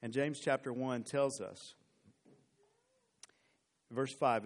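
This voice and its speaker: A man's voice: medium pitch, takes it slowly, long pauses. A male pastor preaching a sermon, retelling a scripture story animatedly and reading verses aloud. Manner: animated storytelling, reads scripture in old formal English.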